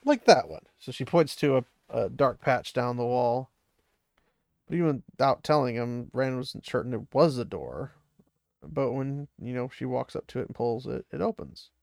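A man retells a story in a relaxed, chatty way, with loose phrasing and the odd laugh. His mid-range voice has a gravelly texture. The recording is dry and close. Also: mid-range voice, normal speed, dry recording. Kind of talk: casual book retelling.

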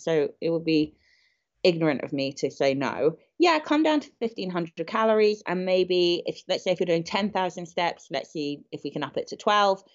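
A woman with a fairly low voice talks through fitness questions in a frank, practical way, filling gaps with loose fillers. The recording sounds dull and lo-fi. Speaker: podcast co-host and fitness coach. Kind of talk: casual advice chat.

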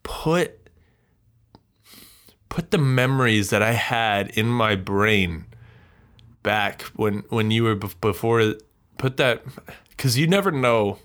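Slow, low-voiced man ranting bitterly. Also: lively intonation, fairly bright tone. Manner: bitter, rambling, self-mocking rant with swearing. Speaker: podcast host. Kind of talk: solo podcast monologue.

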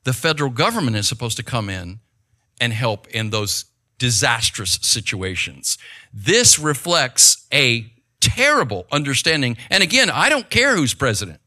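A man's voice: mid-range voice, normal speed. A middle-aged man talking in a conversational monologue, telling stories with animation and often checking in with the listener. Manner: animated storytelling, rhetorical check-ins with the listener. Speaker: speaker giving advice.

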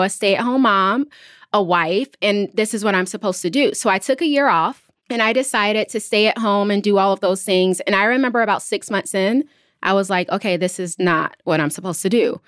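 A woman in her thirties, a business founder, talking through her story as an interview guest. She is animated and jumps up in pitch whenever she quotes someone. The sound is close and dry, with no room echo. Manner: animated, jumps up in pitch when quoting others. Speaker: entrepreneur guest.

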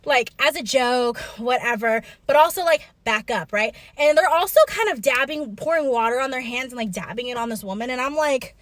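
A woman's voice: high-pitched, fairly quick, hardly any pauses, a bit bright, no echo. A young woman telling a story in casual chat, acting out quotes with many fillers.

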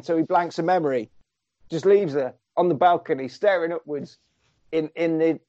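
A man's voice: fairly high pitch, normal speed, mellow, dry recording. A man casually recapping a film for a podcast, rambling, swearing and acting out lines of dialogue. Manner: swearing, rambling storyteller who acts out quotes. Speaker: podcast co-host. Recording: dull lo-fi dry sound.

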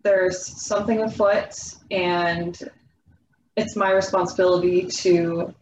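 A woman's voice: lowish voice, steady tone, takes it slowly, darkish tone, slight background noise. A woman voicing a devout young woman cleric who prays in a hesitant, earnest whisper. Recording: echoey dull room sound.

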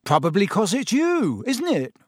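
A man raising his pitch to play a freckly, cheeky teenage wizard who talks in eager bursts and teases his friends. The voice is high and lively, recorded dry and close. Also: normal speed, dry recording, heavily acted. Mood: teasing. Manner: excited, teasing. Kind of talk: audiobook character voice.

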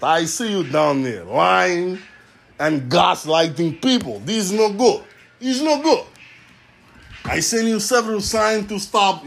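A man's voice: high voice, a bit bright, a little hiss or hum, exaggerated voice. A man in his forties voicing an impatient male God with a put-on Russian accent, speaking in clipped, broken English. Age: 40s.

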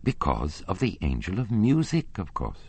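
A man reading an audiobook, voicing a kindly, candid old woman with white hair who chats warmly and laughs easily. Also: low voice, wildly swooping pitch, normal speed, husky, no room sound, pitched above the performer's own voice, heavily acted. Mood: matter-of-fact. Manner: chatty, laughing, then indignant.

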